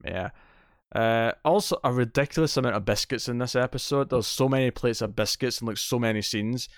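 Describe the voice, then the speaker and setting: A man with a mid-range voice co-hosts a casual podcast, animated and opinionated as he jokes and argues his points. The sound is close and dry, with no room around him. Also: mid-range voice, no room sound. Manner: animated, opinionated, quick to joke. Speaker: podcast co-host. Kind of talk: casual chat.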